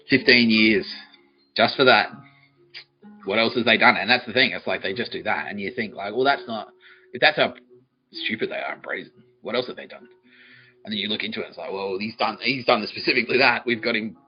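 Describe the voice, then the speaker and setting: Male podcast host, low voice, rambling deadpan comic monologue with giggles, muffled lo-fi recording. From Australia. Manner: deadpan, profane, laughs at his own jokes. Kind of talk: rambling solo comedy monologue. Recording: dull lo-fi recording.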